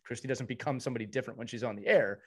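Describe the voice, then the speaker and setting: Here is a male podcast host in casual chat, earnest and effusive, piling warm praise on the people beside him. His voice sits at an ordinary middle pitch for a man. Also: rapid-fire.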